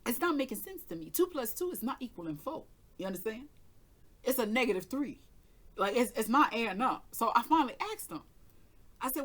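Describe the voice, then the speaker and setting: A woman's voice: on the high side, very animated, a little fast. A woman tarot reader hosting her own channel, telling a personal story in a casual, emphatic way, swearing freely and acting out her side of an argument.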